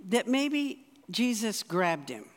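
A spiritual director giving a conversational, earnest sermon, often restarting phrases and slowing for emphasis. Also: mid-range voice, sing-song. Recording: long reverb of a large hall.

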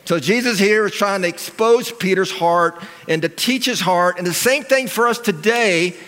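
In a church sanctuary, a male pastor delivers a sermon in a conversational style, putting questions to his audience. His voice sits high, bright and forceful, at a moderate pace. The long reverb of a large hall surrounds the sound.

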